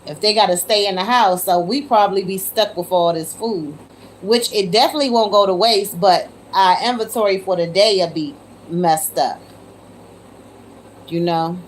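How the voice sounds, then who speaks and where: A woman's voice: mid-range voice, normal speed, a little hiss or hum. A woman hosting a casual livestream from her phone, chatting with viewers and calling them y'all, given to disbelieving exclamations. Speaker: livestream host. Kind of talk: casual live chat with viewers.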